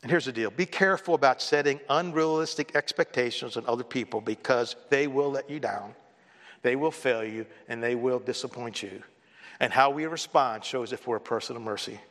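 Male pastor, bright forceful delivery, conversational sermon storyteller, long hall reverb. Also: medium pitch, fairly quick. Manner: conversational storytelling preacher, mimics others with a raised voice.

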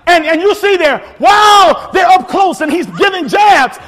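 A man preaching a sermon, energetic and often shouting, with frequent repeats and restarts. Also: very high voice, a little slow, a faint crowd. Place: church sanctuary. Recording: long hall reverb, faint congregation.

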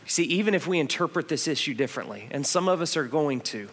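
Guy pastor in his 30s giving a sermon, storytelling vibe, kinda high voice, long church reverb. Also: animated, quick pace, a bit bright. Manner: conversational storytelling, emphatic repetitions. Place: church auditorium.

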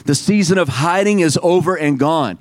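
A man's voice: on the high side, no echo. Man preaching, dry close sound. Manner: preaching with call-and-response to the congregation; reads scripture aloud slowly and emphatically. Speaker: pastor. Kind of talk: sermon.

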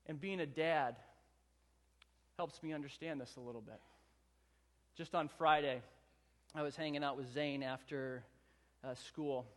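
Casting: male pastor, fairly high voice, earnest and emphatic, big hall reverb. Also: steady tone, a little slow, pauses often. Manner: earnest storytelling, rising emphatic repetition. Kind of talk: sermon.

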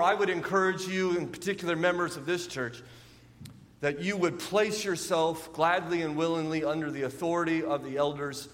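Man, middle-aged, pastor, sermon, high-pitched, earnest and emphatic, long church-hall reverb. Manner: earnest, repeats phrases, rising to animated emphasis. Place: church sanctuary.

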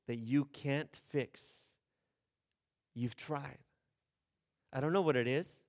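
A male pastor preaching a sermon, earnest and direct, often turning to ask the congregation questions. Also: sits high. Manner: earnest, shifts between hushed and emphatic, asks the congregation questions.

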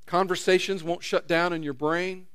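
A man's voice: sits high, steady tone, moderate pace, a bit bright, smooth, no echo, clean studio sound. A man preaching a sermon in a conversational way, acting out quotes with rising intensity. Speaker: pastor.

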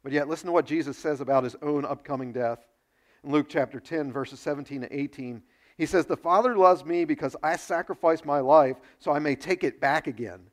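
A man preaching a sermon, animated, with quick asides to his listeners and acted quotes. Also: a little high. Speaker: pastor.

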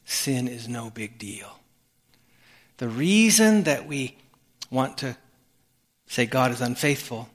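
A male pastor giving an earnest sermon, often restarting his phrases as he explains a passage of scripture. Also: mid-range voice. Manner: earnest preaching with repeated restarts. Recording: long hall reverb.

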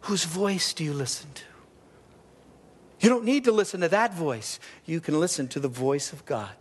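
Middle-aged male pastor, storytelling sermon, shifts loud to hushed, reverberant hall. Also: on the high side, animated, normal speed, breathy edge.

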